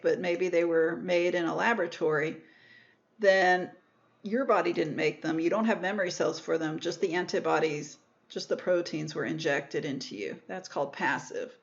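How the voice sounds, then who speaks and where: The highs are cut off in this recording of a woman with a lowish voice lecturing on microbiology. She explains the topic step by step, going back over terms in different words and self-correcting as needed.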